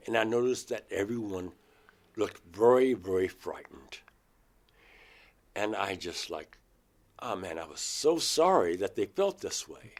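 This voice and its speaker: A man from Georgia in the United States, an interview guest vividly and emotionally retelling a personal experience. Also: on the low side. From Georgia, USA. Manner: emotional, vivid retelling, acts out his own words.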